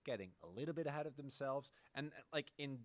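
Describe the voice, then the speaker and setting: A man chatting casually on an esports panel, quick to agree and throw in jokes. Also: mid-range voice, lively intonation, no room sound. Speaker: esports analyst.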